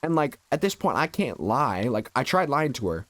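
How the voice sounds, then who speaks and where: A young adult man streams a video game, chatting casually and rambling through a childhood story packed with filler words. His mid-range voice is very animated, at a normal speed and a bit bright, in a dry recording.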